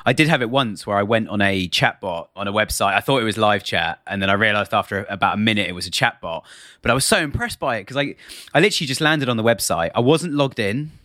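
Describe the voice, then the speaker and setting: Fast-talking British podcast host. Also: male voice, on the low side, no echo, studio quality. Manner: animated storyteller who acts out exchanges. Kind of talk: conversational podcast chat.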